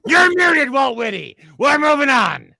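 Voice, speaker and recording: Brief: blustering mock TV host, bright, sharp, gravelly. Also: male voice, very high voice, sing-song, measured pace, no room sound, exaggerated voice. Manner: loud, blustering, pushy. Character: brash adult male TV panel host. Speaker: comic news panel host. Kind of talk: comedy sketch, mock panel show.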